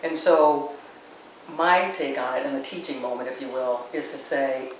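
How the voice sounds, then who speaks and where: A woman's voice: very deep voice, steady tone, moderate pace. A woman guest telling anecdotes as an animal communicator, wandering into frequent asides. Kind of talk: anecdotal storytelling. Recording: echoey room, mic far off, noisy.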